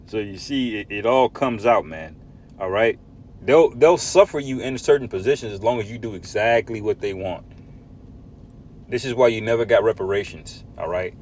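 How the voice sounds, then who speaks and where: A man's voice: fairly low pitch, normal speed, darkish tone, slight background noise. A man preaching from scripture, emphatic, often tagging lines with "man" and "all right?". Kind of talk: scripture teaching.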